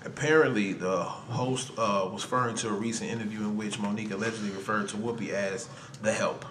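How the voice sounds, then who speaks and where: Loud, excitable man in a roomy room. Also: lowish voice, fairly quick, background noise. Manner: loud, excitable, laughs often, slangy. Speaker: podcast co-host. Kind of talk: casual chat and reading news aloud. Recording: roomy podcast recording.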